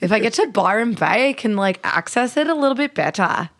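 A woman's voice: medium pitch, expressive, brisk, a bit bright. A woman co-hosting a podcast in casual chat, peppering her talk with "like". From Canada. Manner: chatty, heavy use of "like". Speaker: podcast co-host.

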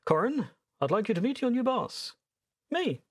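A man's voice: extremely high pitch, very animated, normal speed, pitched above the performer's own voice, heavily acted. A man playing a pompous, smug space pirate admiral in a comedy sketch, with theatrical mock-pirate bluster.

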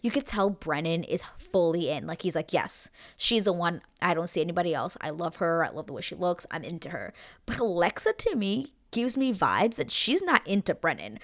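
A young woman recapping a reality dating show in casual chat, gossipy and animated, full of "like" fillers and casual swearing. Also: on the low side.

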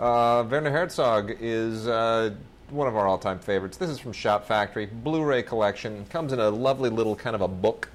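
A man with a mid-range voice co-hosts a podcast, speaking at a moderate pace over a slight hiss or hum. He rambles enthusiastically about his film collection, poking fun at himself along the way, in a casual chat about home video releases.

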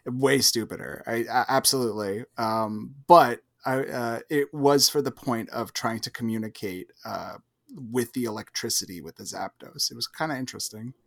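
A man's voice: mid-range voice, normal speed, creaky. A hesitant man co-hosting a podcast. He chats casually and leans on fillers as he gathers his thoughts. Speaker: podcast co-host. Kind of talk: casual chat.

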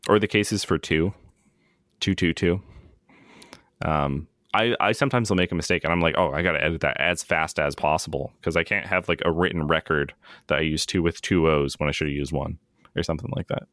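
A man co-hosting a casual podcast chat, relaxed and self-deprecating, with plenty of fillers. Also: very deep voice, a little fast, no echo, clean studio sound. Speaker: podcast co-host.

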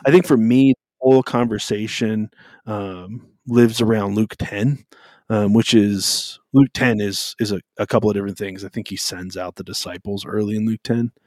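Man, podcast co-host, rambling casual faith chat, fillers, low voice, dry recording. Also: steady tone, moderate pace, a little mellow, dry recording. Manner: rambling, filler-heavy, self-interrupting.

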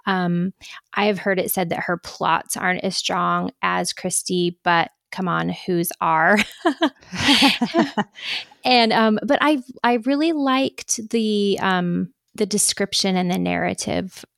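A woman's voice: fairly low pitch, takes it slowly, vocal fry, fairly bright tone, no room sound, clean studio sound. A woman co-hosting a podcast in an enthusiastic, chatty way. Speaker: podcast co-host. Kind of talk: casual chat.

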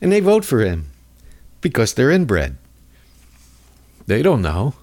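A man's voice: mid-range voice, huge pitch swings, slow, darkish tone. A man hosting a comedic political rant in a mocking, rambling way. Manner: mocking, rambling, jumps into voices. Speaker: host.

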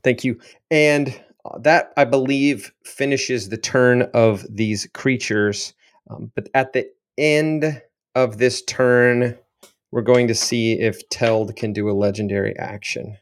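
A man's voice: medium pitch, steady tone, takes it slowly. A man running a tabletop game as game master, narrating the action in a loose, descriptive way.

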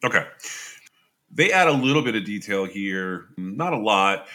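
A man's voice: on the low side, sing-song, unhurried, sharp tone. A man hosting a true-crime podcast, reading case details aloud and adding his own casual asides. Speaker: podcast host.

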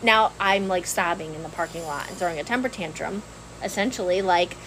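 Brief: woman co-host, New lilt, rambling animated storyteller, faint hiss behind. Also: fairly low pitch, brisk, low-quality recording. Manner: animated, laughs often, rambling with restarts. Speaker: podcast co-host. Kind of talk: casual storytelling chat.

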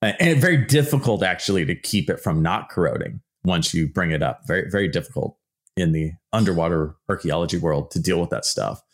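Animated low-voiced male podcast host. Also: a little fast. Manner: animated, acts out mock quotes in goofy voices. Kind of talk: casual solo podcast talk.

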